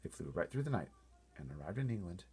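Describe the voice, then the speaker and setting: A man reading a children's novel aloud in an expressive, animated storytelling manner. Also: low-pitched, quick pace, husky. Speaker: storybook reader.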